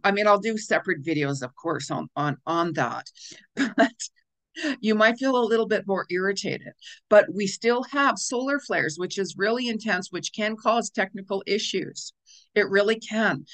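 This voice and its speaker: Chatty woman giving a weekly forecast. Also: mid-range voice. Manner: chatty, animated, laughs often, acts out little quoted reactions. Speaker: spiritual astrology host. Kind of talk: casual weekly forecast talk.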